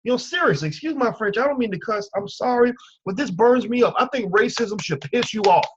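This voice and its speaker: A comedian on stage yelling and taunting a heckler with heavy profanity. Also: male voice, sits high, animated, brisk, muffled recording, slight background noise. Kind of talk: onstage confrontation with a heckler. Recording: distant club audio played from a clip.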